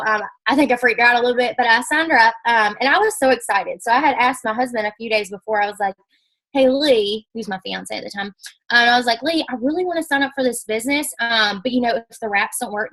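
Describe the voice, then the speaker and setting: A young woman speaking at a business talk, telling her story in a chatty, animated way and acting out the quotes. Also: fairly high pitch, rough recording. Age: young adult. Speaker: network marketing speaker.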